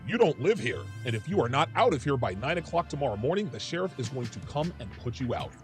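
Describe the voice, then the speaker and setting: A man's voice: mid-range voice, sing-song, fast talker, faint music behind, close to an everyday voice. Man putting on a stern Jamaican landlord. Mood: stern warning. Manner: stern, warning.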